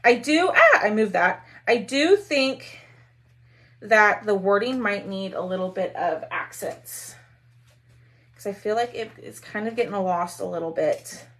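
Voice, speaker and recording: A woman's voice: mid-range voice, lively intonation, measured pace, a bit bright. A woman hosting a casual craft live stream, chatting with viewers while she works. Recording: faint background noise.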